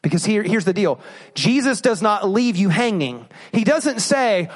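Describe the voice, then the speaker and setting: A man's voice: high voice, sing-song, measured pace. A man preaching a sermon, asking rhetorical questions and acting out inner voices. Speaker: pastor.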